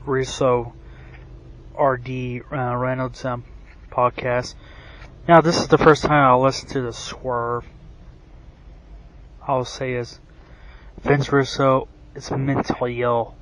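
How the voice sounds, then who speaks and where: Speaking slowly in a medium-pitched voice with little pitch movement, this wrestling vlogger rambles through a profane rant riddled with fillers and false starts. He claims his voice is bad, and the recording is rough.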